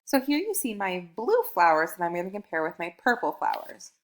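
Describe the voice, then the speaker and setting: A woman's voice: medium pitch, big pitch swings. Upbeat woman teaching kindergarten math. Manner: upbeat and encouraging, counts aloud slowly, stretches key sentences. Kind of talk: recorded video math lesson for young children.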